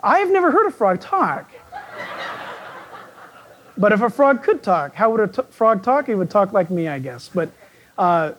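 A man with a croaky, frog-like voice, preaching a folksy sermon as a pastor who jokes and asks his listeners questions. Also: high-pitched, fairly bright tone.

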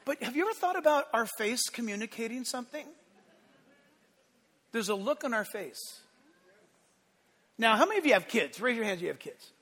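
A male pastor with a high, bright, forceful voice delivers a sermon, very animated at normal speed with long pauses. He rises into emphatic bursts and drops to quiet asides. A church hall's long reverb carries the sound.

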